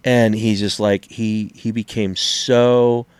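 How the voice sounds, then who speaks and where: A middle-aged man with a fairly low voice tells stories in a loose, casual podcast chat. He acts out what other people said and swears freely. The sound is close and dry, with no room around him. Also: slow pace, clean tone, no room sound. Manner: animated storyteller, acts out quotes, swears freely. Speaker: podcast co-host.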